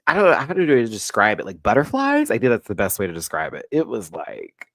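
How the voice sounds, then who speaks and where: Man, pop culture rant host, sassy, profane, chatty, mid-pitched voice, dry sound. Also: wildly swooping pitch, normal speed, creaky, fairly bright tone, dry recording.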